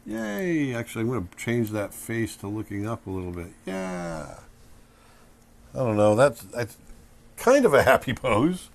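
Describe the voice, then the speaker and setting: A man's voice: on the low side, fairly quick. A middle-aged man giving a casual drawing lesson as he sketches, now and then acting out the emotions he draws. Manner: relaxed, acts out emotions in bursts while drawing. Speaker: drawing instructor.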